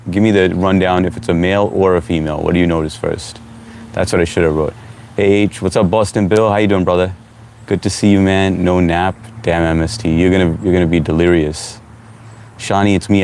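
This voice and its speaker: A man with a low voice hosts a relaxed live stream from home, reading viewers' comments aloud and greeting each one by name. He talks in a loose, chatty way. Faint background noise sits under his voice.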